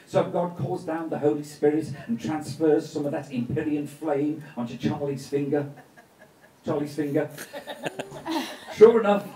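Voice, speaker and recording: A man with a fairly high, mellow voice tells a story live on a festival stage, playful and full of joking asides. A distant mic picks him up in a roomy venue.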